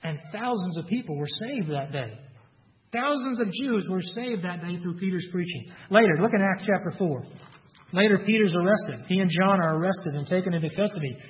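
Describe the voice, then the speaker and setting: A man's voice: high-pitched, expressive, normal speed, in a large hall, highs cut off. A man with a Texas accent preaching a sermon, earnest, acting out quoted lines with rising emphasis. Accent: Texan. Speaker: pastor.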